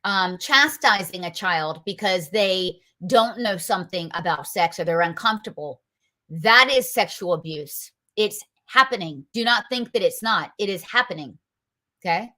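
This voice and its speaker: A woman's voice: medium pitch, animated, moderate pace, sharp tone. A woman hosting a political show, giving combative, emphatic commentary full of rhetorical questions. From North Carolina, US.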